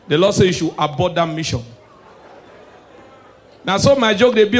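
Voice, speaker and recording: A man doing live stand-up comedy in Nigerian Pidgin English, dropping to hushed asides and then shouting punchlines. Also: sits high, animated, moderate pace, long pauses, a faint crowd.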